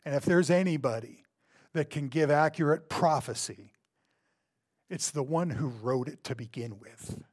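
This sermon comes from a male pastor whose voice sits a little high and moves a little slowly. He hammers points through repetition, alternating between booming outbursts and quiet asides.

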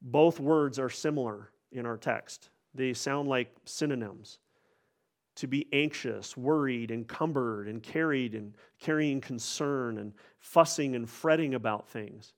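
Man, preacher, earnest sermon delivery, repeats words, mid-pitched voice. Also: unhurried.

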